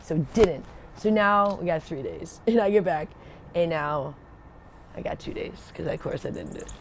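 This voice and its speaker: A woman's voice: on the low side, expressive, normal speed, slight background noise. A woman telling casual stories from her service days on a livestream, rambling and digressive, losing her thread and laughing often. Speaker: Air Force veteran telling stories on a livestream. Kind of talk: casual storytelling.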